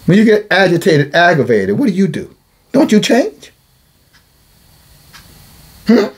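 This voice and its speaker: Male preacher, raised pitch, husky edge; blunt rebuking sermon that hammers phrases again and again. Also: wildly swooping pitch, measured pace. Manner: blunt, scolding, repeats phrases for emphasis. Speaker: self-styled watchman preacher.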